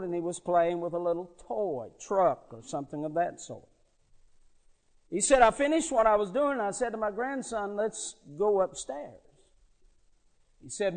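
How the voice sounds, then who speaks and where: A high-pitched man preaching. He stretches words out slowly, drops to near-quiet, then builds to ringing emphasis, in the rolling cadence of a revival sermon. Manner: dramatic swells from soft to loud, slow drawn-out words.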